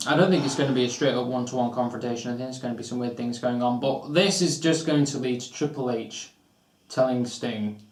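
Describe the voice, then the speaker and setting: A man's voice: mid-range voice, fairly quick, a little mellow, roomy sound, far from the mic, low-quality recording. A man co-hosting a wrestling predictions show, debating casually and hammering his points home through repetition. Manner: argumentative, builds points with repetition. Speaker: co-host of a wrestling predictions channel.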